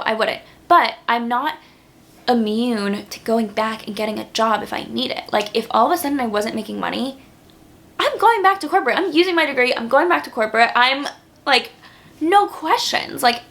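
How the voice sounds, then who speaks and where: Earnest young woman vlogging, slightly gravelly. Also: fairly high pitch, fairly bright tone. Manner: earnest, grateful, with frequent "like" fillers. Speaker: YouTuber. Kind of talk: casual vlog talk to camera.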